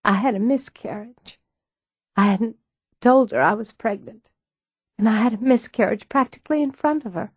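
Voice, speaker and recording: A woman's voice: a little high, a little mellow, slightly rough, no room sound. Woman reading Jane, a tearful young woman. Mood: distraught. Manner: halting, emotional confession. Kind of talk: audiobook dialogue.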